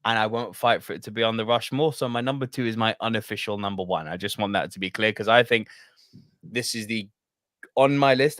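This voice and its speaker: A young man co-hosting a casual podcast, talking in an animated, emphatic way with plenty of swearing. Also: on the low side, no room sound, clean studio sound. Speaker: podcast co-host.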